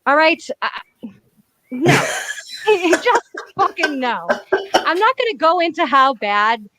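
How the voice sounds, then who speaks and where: A woman hosting casual comic commentary on a webcam, blunt, profane and excitable. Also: sits high, slow pace. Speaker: comic reviewer host.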